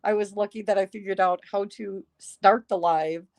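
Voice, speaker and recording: A woman's voice: mid-range voice, fairly even intonation, moderate pace, darkish tone, no echo. A woman hosting a casual livestream, chatty and sarcastic, often breaking into laughter, talking into a phone microphone. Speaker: livestream host. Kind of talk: casual live-stream chat.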